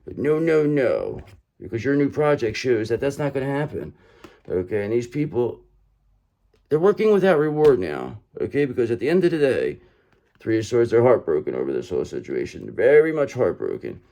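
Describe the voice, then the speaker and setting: Emphatic, lively-voiced male tarot reader. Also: mid-range voice, moderate pace, creaky. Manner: emphatic, repeats lines, says "okay?" and "brother" often. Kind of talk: tarot reading to camera.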